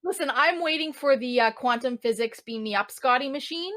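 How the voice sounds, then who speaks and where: A woman's voice: high-pitched, a little fast, fairly bright tone. A woman, a podcast guest, chatting casually and explaining at length with asides. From Canada. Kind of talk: casual conversation.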